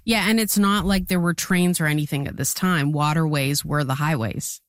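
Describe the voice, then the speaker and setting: A woman's voice: low-pitched, moderate pace, no room sound, clean studio sound. A woman co-hosting a casual history podcast, joking and reacting to her partner. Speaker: podcast co-host.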